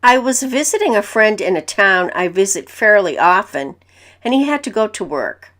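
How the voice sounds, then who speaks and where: A woman narrating reader-submitted stories in the first person, in an even, matter-of-fact way. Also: medium pitch, normal speed.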